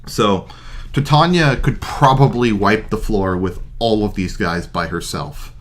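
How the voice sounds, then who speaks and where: A man's voice: lowish voice, a little slow. A man hosting a let's play, chatting casually and explaining game mechanics with frequent fillers. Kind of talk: casual gameplay commentary.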